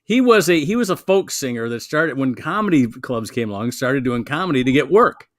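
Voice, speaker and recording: A male veteran comic chats loosely and rambles through his anecdote, chuckling as he goes. His voice sits at a middling pitch, and the recording is dry and close with no room sound. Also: lively intonation, a little fast, no echo. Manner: rambling storyteller, laughs while talking. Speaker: veteran comedian guest. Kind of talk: casual chat.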